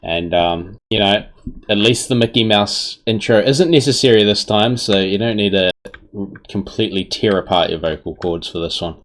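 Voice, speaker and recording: A man's voice: on the low side, moderate pace, fairly bright tone. A man casting a live esports match in an easygoing way, correcting himself as he goes, on a headset mic. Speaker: esports caster.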